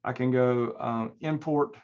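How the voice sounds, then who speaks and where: Male instructor, mid-pitched, loose filler-heavy delivery, dull lo-fi computer-mic sound. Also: steady tone, measured pace, vocal fry. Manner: casual, rambling, many fillers and restarts. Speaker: networking instructor. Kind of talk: recorded online class lecture with screen share.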